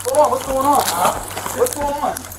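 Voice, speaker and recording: A man being arrested inside a house, shouting in panic and repeating himself. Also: extremely high pitch, steady tone, normal speed. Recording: noisy bodycam audio.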